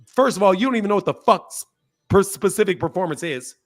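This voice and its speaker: A man's voice: sits high, animated, fast. A man hosting a boxing debate stream, combative and blunt, swearing and repeating himself as he talks over the other speaker. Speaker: boxing channel host. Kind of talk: heated live debate.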